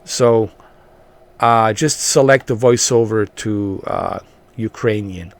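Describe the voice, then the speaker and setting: A channel host with a lowish voice gives rambling, casual gameplay commentary, repeating himself and filling the gaps with ums and uhs.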